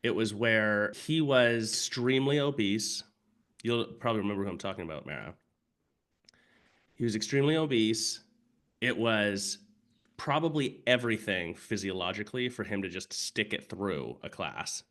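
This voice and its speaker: A man's voice: on the low side, animated, normal speed, fairly bright tone. A man co-hosting a casual podcast, a yoga studio owner who talks frankly and reflectively and swears.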